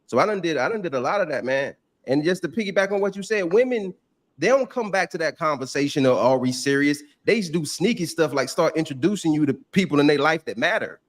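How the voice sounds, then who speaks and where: Sex: man. Role: podcast panelist. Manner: candid, slangy. Pitch: slightly high. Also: lively intonation, fast talker. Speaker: panel guest. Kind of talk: casual podcast banter.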